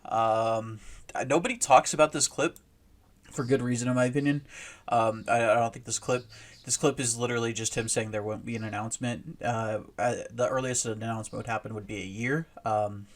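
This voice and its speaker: A man talking through a casual commentary video at a middling pitch. He rambles, circles back and restarts his sentences, with plenty of fillers. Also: steady tone, fairly quick. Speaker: host.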